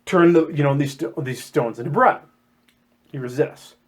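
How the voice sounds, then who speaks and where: A man co-hosting a casual podcast chat about scripture, jokey and animated, often acting out quotes in silly voices. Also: on the high side, moderate pace. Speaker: podcast co-host.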